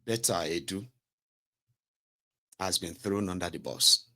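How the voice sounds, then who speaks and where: A man's voice: deep voice, measured pace, pushed and bright. A man with a Nigerian accent giving casual political commentary in a rambling, mocking way, slipping between English and pidgin. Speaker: commentary host.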